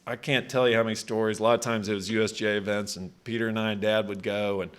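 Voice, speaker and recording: A man in his sixties with a fairly low voice gives a relaxed, conversational acceptance speech. He tells personal stories, restarting phrases and trailing off as he goes. He is speaking at a country club event. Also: quick pace, clear, resonant tone. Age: 60s. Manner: conversational, with frequent restarts and fillers. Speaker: hall of fame inductee.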